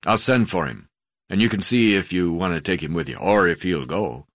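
A man voicing a boozy, portly, profane older male magistrate-rancher who talks bluntly and jokes with a croaky voice. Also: sits low, normal speed, a bit bright, no echo, studio quality. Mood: gruff joking. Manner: blunt, swearing, joking.

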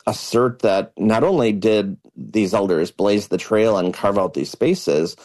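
A man's voice: on the low side, measured pace, a little mellow. A man, a community project organizer giving articulate, earnest answers in an interview. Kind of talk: radio interview.

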